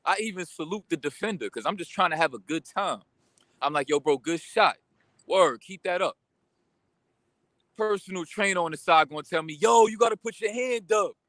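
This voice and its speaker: A young man telling a story in a casual vlog rant, animated and full of slang, venting about a pickup game. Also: a little high, moderate pace, pauses often, no echo. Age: young adult. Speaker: vlogger.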